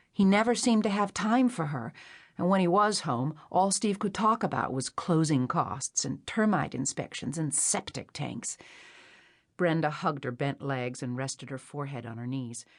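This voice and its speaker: A woman narrates a novel in a measured, even storytelling voice. Her register sits a little low for a woman. It is a clean audiobook reading. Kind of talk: scripted narration.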